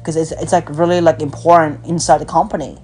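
A woman's voice: low-pitched, steady tone, fast, darkish tone. A woman hosting a podcast, ranting bluntly in casual chat with lots of swearing and fillers. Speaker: podcast host. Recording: phone call with faint music.

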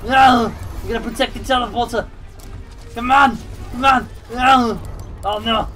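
Shouting high-voiced gamer guy. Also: fairly even intonation, normal speed, faint music behind. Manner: loud, swearing, frequently shouting in frustration. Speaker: gaming video host. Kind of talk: live gameplay commentary with a teammate.

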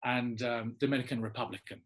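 Husky-voiced English actor telling stories. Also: male voice, mid-range voice, fairly quick. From England. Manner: animated storyteller, laughs often. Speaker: actor guest. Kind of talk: casual interview anecdote.

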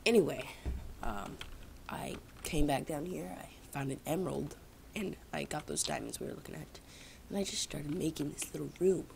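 Deep, creaky, and darkish, with a little hiss or hum, a young woman's voice moves at a moderate pace as she casually comments on a video game from home. She rambles, teases herself, and talks to her viewers.

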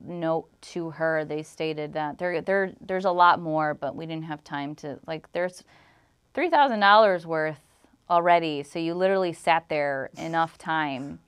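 A young woman recounts an upsetting personal ordeal in a rambling, filler-heavy way, slipping into the voices of the people involved. Her voice sits low and sounds smooth and clear. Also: measured pace. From Illinois. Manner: rambling storytelling, full of "like", acts out quoted exchanges. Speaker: interview guest. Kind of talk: emotional personal account.

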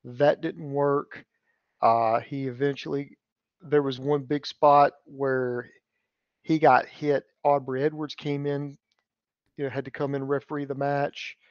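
A man's voice: mid-range voice, unhurried, smooth, no echo. A man co-hosting a wrestling review, walking through a match step by step with plenty of uhs. His voice sounds a little dull and lo-fi, and the sound is dry. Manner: steady play-by-play summary with filler uhs. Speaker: co-host. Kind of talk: match recap.

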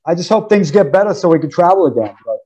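A man in his fifties with a New York accent, a guest musician telling stories in a casual interview, animated and acting out counts and quotes. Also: sits high, fast talker, muffled recording. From United States. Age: 50s. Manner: animated storyteller, acts out counts and quotes, says "man" often.

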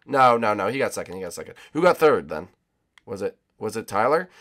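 A man hosting a gaming channel, rambling excitedly to viewers while racing. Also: on the low side, brisk. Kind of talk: casual gameplay commentary.

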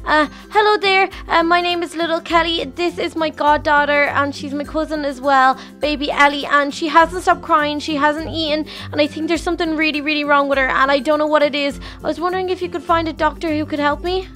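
A woman's voice: sits high, fairly even intonation, brisk, hardly any pauses, sharp tone, faint music behind. A woman host narrating a game role-play in a fretful manner, exclaiming often and talking to herself.

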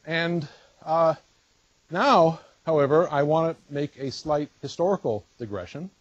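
Male lecturer, colloquium talk, explains with pauses and restarts, slightly husky voice. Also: fairly high pitch, dry recording, lo-fi sound. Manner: explanatory, thinks aloud with fillers and restarts. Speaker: physics lecturer.

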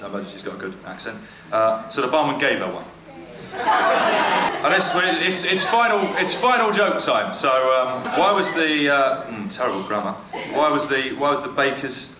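A man doing live stand-up comedy, reading out jokes in a wry, halting way with lots of fillers and self-corrections. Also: mid-range voice, expressive, noisy background. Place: comedy venue with a live audience. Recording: echoey venue with loud crowd. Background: audience laughter and cheering.

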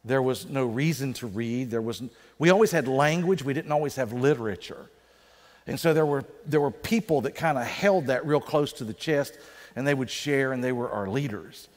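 A male pastor preaching a sermon in a conversational way, slowing down for emphasis. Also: mid-range voice. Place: church sanctuary. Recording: reverberant church sanctuary.

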